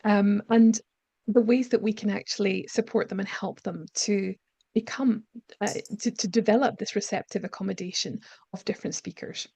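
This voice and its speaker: A woman teacher trainer presenting a webinar on accents, explaining in a measured way with frequent ums. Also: mid-range voice, steady tone, gravelly, warm tone, husky, dry recording. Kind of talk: lecture-style webinar presentation.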